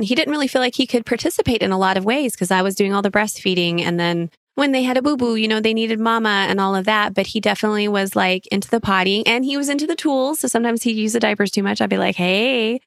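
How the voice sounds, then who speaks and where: A woman's voice: mid-range voice, no room sound, clean studio sound. Affirming woman podcast host. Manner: warm, affirming, laughs along. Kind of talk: casual interview chat.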